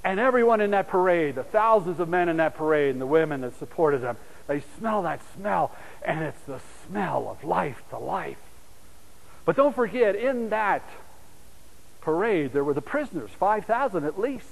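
A man preaching a sermon and telling stories, his voice swinging from loud, urgent calls to hushed, soft asides. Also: high-pitched, animated, moderate pace, vocal fry, big-room sound, low-quality recording.

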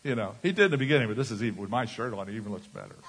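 A man's voice: on the low side, racing, breathy edge. A man preaching a sermon from a stage, telling personal stories and acting out other people's voices. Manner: animated, acts out voices in anecdotes. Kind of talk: storytelling sermon. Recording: reverberant hall.

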